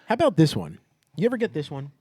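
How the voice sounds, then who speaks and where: Animated man ranting on a podcast. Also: a little high, breathy edge, no echo, studio quality. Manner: animated storyteller, quick to get worked up. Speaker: podcast co-host. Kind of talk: casual chat.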